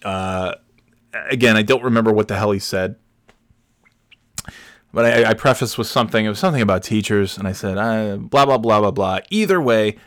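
A man's voice: on the low side, moderate pace, long pauses, a bit bright, no room sound, clean studio sound. A man in his forties telling stories in a casual, rambling monologue, restarting his sentences and laughing at his own tales. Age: 40s.

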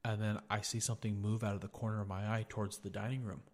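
A man's voice: fairly low pitch, little pitch movement, fast, a little mellow. A young man hosting a podcast, telling a story in a casual, profane way and saying "dude" a lot. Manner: profane, laid-back, says "dude" a lot. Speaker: podcast host.

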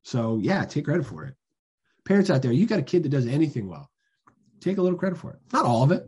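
A man's voice: a little high, sing-song, fast, darkish tone, breathy edge. A man in his thirties co-hosting a casual chat podcast, telling stories loosely and cursing as he jokes. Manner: loose, profane, joking storyteller. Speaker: podcast co-host.

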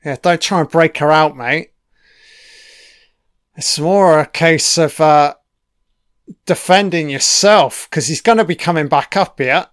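A man's voice: a little high, measured pace, long pauses, a bit bright, smooth, dry recording, clean studio sound. A man giving a casual, profane commentary on a film, swearing constantly and cheering at the screen.

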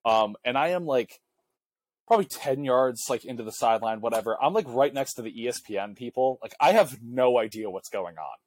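A man's voice: medium pitch, expressive, a little fast. Young man rambling through a story. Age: young adult. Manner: rambling, heavy use of filler "like". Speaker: podcast co-host; college student section leader. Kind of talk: casual storytelling chat.

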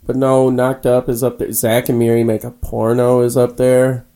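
A man's voice: mid-range voice, monotone, moderate pace, dark tone. A young man co-hosting a casual podcast from a spare room, laid-back and swearing freely. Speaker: podcast co-host. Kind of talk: casual chat. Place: small spare room used as a home studio.

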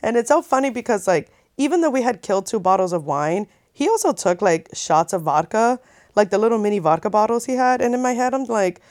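A woman's voice: on the high side, fairly quick, no echo. Chatty woman in her thirties, dry sound. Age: 30s. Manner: chatty, animated, many likes and swears. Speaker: vlogger. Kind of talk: casual storytime chat.

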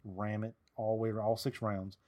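Low-voiced man explaining in casual chat. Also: level tone, brisk, a little mellow. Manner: joking, explains gear step by step. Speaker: podcast co-host, Civil War reenactor.

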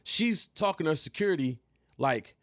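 A man in his thirties recounts an old run-in directly to camera in animated, profane storytelling. His mid-range voice has a gravelly edge. The sound is dry and close-miked. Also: on the high side, normal speed, no room sound. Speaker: vlogger telling a story.

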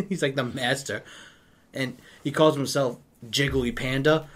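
A man's voice: medium pitch, steady tone, unhurried. A man chatting casually, telling funny stories with lots of laughter and acting out what others said. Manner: giggly storyteller, laughs often, acts out quotes. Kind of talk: casual chat.

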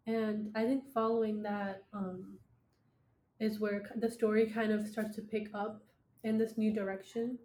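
A woman's voice: mid-range voice, level tone, measured pace, warm tone, roomy sound, slight background noise. A young woman co-hosting a casual book podcast, retelling the plot in a loose way with many fillers. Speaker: podcast co-host.

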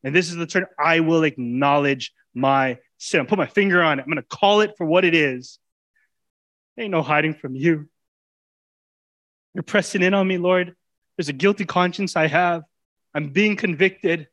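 A man in his thirties, a pastor preaching with passion, his colloquial talk swinging from loud urging to hushed intimacy. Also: on the high side. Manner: colloquial preaching, casual grammar. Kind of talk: sermon.

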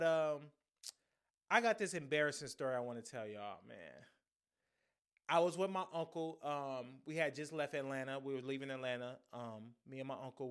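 A man's voice: medium pitch, a bit bright. A young man hosting a solo podcast, telling an embarrassing story in a casual, profane, slangy way. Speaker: podcast host.

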